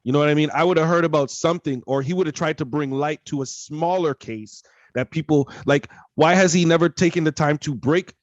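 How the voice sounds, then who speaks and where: A man's voice: fairly high pitch, brisk, no room sound, highs cut off. A man co-hosting a casual podcast, talking heatedly and emphatically, repeating his points. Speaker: podcast co-host.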